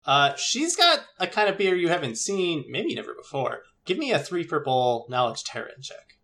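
A woman's voice: deep voice, big pitch swings, normal speed, a bit bright. Chatty woman running a tabletop game. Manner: loose, chatty, many fillers. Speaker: game master.

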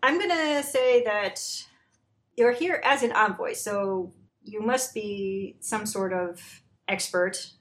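A woman's voice: mid-range voice, slow pace, fairly bright tone. A woman narrating as game master, chatty and joking. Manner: chatty, jokey, lots of fillers.

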